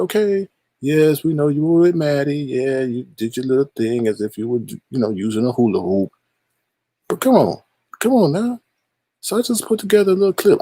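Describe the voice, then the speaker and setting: A man's voice: a little high, dark tone, breathy edge, dry recording. A man hosting a livestream, teasing and shady as he reads viewer chat aloud and gives gossip commentary. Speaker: livestream host reading chat.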